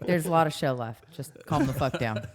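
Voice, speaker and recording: A woman's voice: a bass voice, moderate pace. A woman co-hosting a casual podcast chat, blunt and wry. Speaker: podcast co-host.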